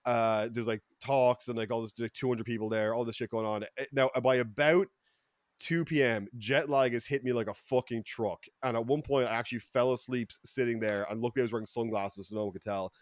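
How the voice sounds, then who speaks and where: A young Irish man telling stories in casual podcast chat, rambling and swearing, with lots of fillers and loud outbursts. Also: mid-range voice, a little fast, no room sound. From Ireland. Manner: profane, rambling, many fillers and restarts, loud bursts when excited. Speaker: podcast co-host.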